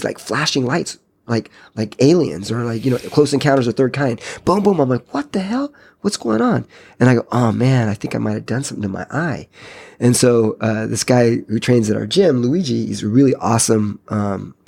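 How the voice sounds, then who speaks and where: A jiu-jitsu gym owner in his fifties, appearing as a podcast guest, speaks in a creaky, medium-pitched voice. He tells animated stories in casual chat, acting out the voices of those he quotes.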